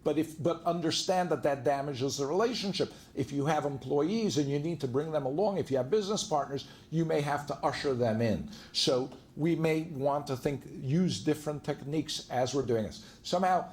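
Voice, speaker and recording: Male attorney, slightly higher voice, conversational seminar lecturer who talks through stories. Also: moderate pace, hardly any pauses, a little mellow. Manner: conversational, anecdote-driven, acts out quoted dialogue. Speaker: divorce lawyer giving a seminar talk. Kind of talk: lecture to a live audience.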